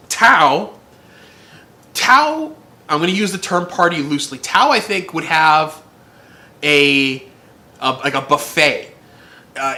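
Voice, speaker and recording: A man's voice: on the high side, pushed and bright. A man hosting his own channel, riffing in a goofy, rambling monologue full of restarts. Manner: goofy, rambling, self-interrupting. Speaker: channel host. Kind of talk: casual musing monologue.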